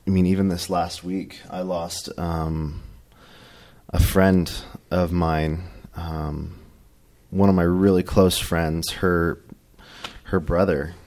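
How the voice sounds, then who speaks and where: A man with a very low voice talks slowly and thoughtfully in a casual faith podcast. He pauses often and fills the gaps with soft fillers as he works through his thoughts. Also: little pitch movement. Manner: reflective, halting, many fillers. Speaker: podcast co-host.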